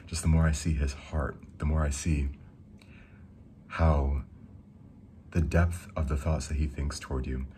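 A young man giving a casual, rambling devotional talk, reading verses slowly and enthusing between them. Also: very deep voice, warm tone, a little hiss or hum. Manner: reads scripture slowly. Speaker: Christian speaker.

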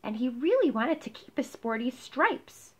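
A woman reading a picture book aloud, expressive and pausing to explain words for children. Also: high-pitched, breathy edge. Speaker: storybook reader.

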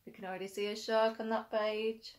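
A woman's voice: fairly high pitch, slight background noise. A woman teacher reading a picture book aloud to young children, gasping often and asking them questions. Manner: animated, with frequent gasps and questions to the children. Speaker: infant school teacher.

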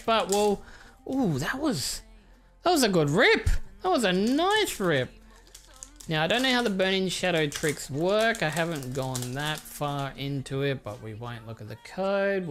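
A man giving casual, crude commentary while opening trading card packs, excitable and swearing often. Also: sits high. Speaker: YouTuber.

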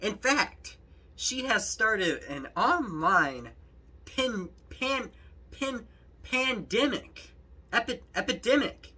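A man's voice: sits high, expressive, slow pace, sharp tone, breathy edge. A young man commenting on videos in a jokey, rambling, exasperated way. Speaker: youtube commentator. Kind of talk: reaction commentary.

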